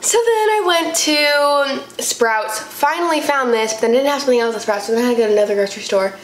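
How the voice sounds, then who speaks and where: Chatty 20s girl vlogging, kinda high voice, echoey room, bit of hiss. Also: a little fast. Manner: chatty, lots of fillers. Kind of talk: casual chat to camera. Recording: echoey room with faint noise.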